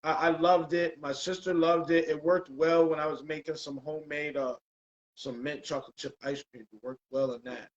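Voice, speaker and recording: A man hosting a casual chat show, relaxed and loose, dropping "bro" and "man" often. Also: a little high, moderate pace, lo-fi sound. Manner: laid-back, says "bro" and "man" a lot. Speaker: podcast host.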